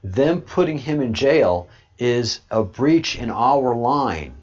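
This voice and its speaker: Halting man on a dull lo-fi stream. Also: mid-range voice, animated. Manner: halting, many restarts, then slow emphatic repetition. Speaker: channel host. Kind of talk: livestream talk answering chat.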